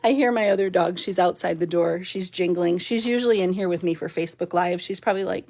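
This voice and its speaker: A woman's voice: lowish voice, a little fast, darkish tone. A woman leading a chatty live-stream craft demo from her home craft room, laughing often and using lots of fillers, recorded by a mounted camera. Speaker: card-making demonstrator.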